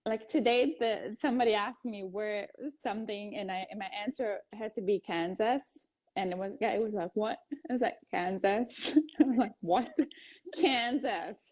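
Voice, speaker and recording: A woman's voice: mid-range voice, moderate pace, a little mellow. Giggly Italian-accented woman. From Italy. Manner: giggly, playful, self-deprecating. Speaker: actress on a live stream. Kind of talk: casual chat.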